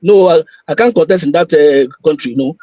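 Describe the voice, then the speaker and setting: A man's voice: on the high side, brisk, muffled recording, a crowd in the background. A man calling in to a live talk show, insistent and repetitive, often stumbling over his words. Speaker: caller. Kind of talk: call-in chat on a live show.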